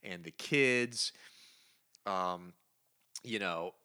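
A man co-hosting a comic book podcast, recapping issues in casual chat and acting out characters' lines in quick put-on voices, laughing often. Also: sits low, sharp tone, clean tone. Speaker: podcast co-host.

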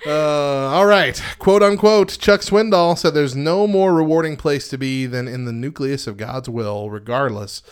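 A man's voice: a little high, measured pace, few pauses, smooth. A man co-hosting a podcast in casual chat, joking, laughing often and going off on tangents. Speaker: podcast co-host.

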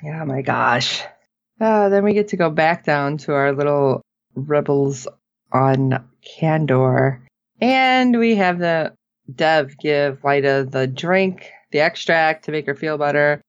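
A woman co-hosting a casual TV recap, animated, acting out characters' lines in funny voices. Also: low-pitched, slow pace, dry recording, dull audio. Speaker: podcast co-host.

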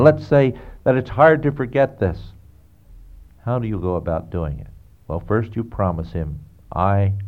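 A man preaching biblical counsel in a sermon style, talking earnestly and directly to the listener with rhetorical questions. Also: medium pitch. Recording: dull lo-fi recording.

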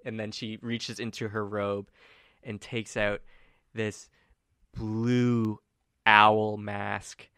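A man's voice: lowish voice, flat delivery, very slow, pauses often, sharp tone, smooth, dry recording, clean studio sound. A man acting as game master, narrating a tabletop game casually with many fillers.

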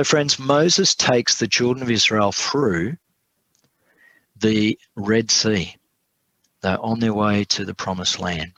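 A man's voice: on the low side, fairly bright tone, dry recording, low-quality recording. A man teaching a Bible study class, reading scripture aloud with emphasis and putting questions to his audience.

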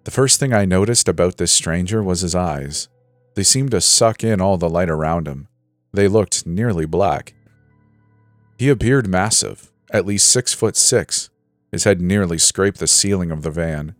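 Deep-voiced male horror narrator. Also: normal speed, dry recording. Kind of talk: scripted narration. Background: faint music.

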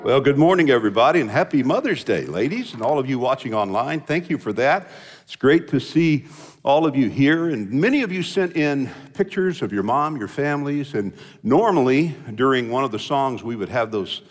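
A man's voice: mid-range voice, lively intonation, moderate pace, big-room sound. An older man preaching a sermon as pastor, telling folksy stories with jokes and asides. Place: church sanctuary.

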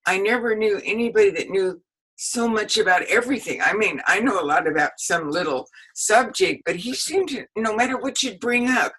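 Older woman, husky tone, bright timbre, anecdotal storyteller, laughs often. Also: mid-range voice, expressive, moderate pace, low-quality recording. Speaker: historian and author being interviewed. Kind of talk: casual spoken recollection.

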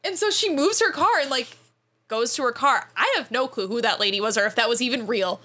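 Bright, chatty young woman telling a story. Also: fairly high pitch. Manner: animated, fast, frequent "like" fillers, laughing as she tells it. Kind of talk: casual storytelling chat.

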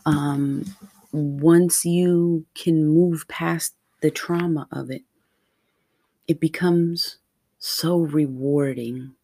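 A woman in her forties talking earnestly and slowly in a heartfelt personal monologue. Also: sits low, dark tone, no echo. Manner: earnest, heartfelt, slow and deliberate. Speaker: vlogger.

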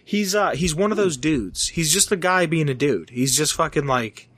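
A young man chats casually and rambles, packing his talk with fillers and curses. His voice is bright and forceful and sits a little high for a man. The sound is close and dry. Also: expressive, moderate pace, no room sound. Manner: rambling, filler-heavy, profane. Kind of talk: casual chat.

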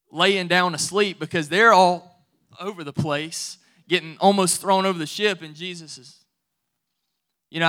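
A man preaching to his congregation in a high, bright voice. He talks in a loose, conversational way, then builds to firm, emphatic declarations. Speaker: pastor. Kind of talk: sermon.

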